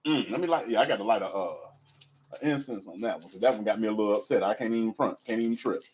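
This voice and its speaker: A man's voice: fairly low pitch, quick pace, darkish tone, a little hiss or hum. Laid-back man hosting a live tarot stream. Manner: laid-back, talks straight to viewers, swears casually. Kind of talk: casual live stream chat and reading aloud. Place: at home in an apartment.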